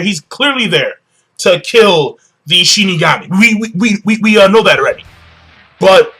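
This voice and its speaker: A young man in a loose, rambling recap, cursing freely and often doubling back on his words. His voice is high and bright, with a sharp edge. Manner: rambling, profane, repeats himself. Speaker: manga reviewer. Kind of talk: casual chapter recap.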